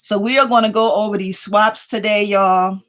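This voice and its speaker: A woman with a mid-range, slightly bright voice hosts a relaxed craft livestream from her home, speaking at a normal pace with fairly even intonation. She sounds a little sleepy as she greets viewers by name when they join and chats along with them.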